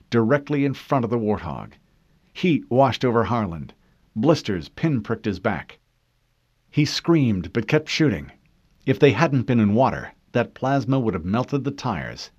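A man reading scripted audiobook narration in a measured, dramatic storytelling manner. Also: on the low side, no echo, muffled recording.

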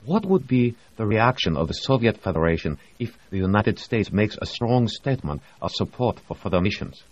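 A man voicing an energetic, nervous Japanese project director who speaks rapidly and eagerly in a raised voice. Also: lowish voice, pitched above the performer's own voice. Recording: dry, slightly muffled audio.

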